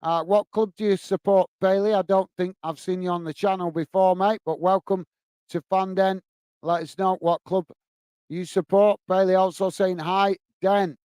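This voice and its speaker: A man from the UK hosting a live football fan stream. He chats casually with viewers, reads out their comments and the scores, fills pauses with "uh" and calls everyone "mate". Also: sits high, level tone, darkish tone, clean tone, no room sound. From United Kingdom. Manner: chatty, says "mate" a lot, many fillers.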